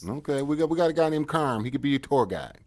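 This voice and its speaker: A man's voice: on the high side, quick pace, a little mellow. A man co-hosting a podcast, talking casually with slang and repeating his words. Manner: repeats himself, easygoing slang. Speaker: podcast co-host. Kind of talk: casual interview chat.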